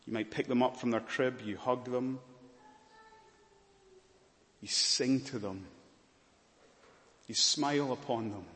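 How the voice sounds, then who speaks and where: A man preaching a sermon, earnest and expressive, swinging from raised emphasis to quiet softness. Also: mid-range voice, takes it slowly, long pauses. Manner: earnest preaching, rising loud then dropping to soft. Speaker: pastor. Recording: long hall reverb.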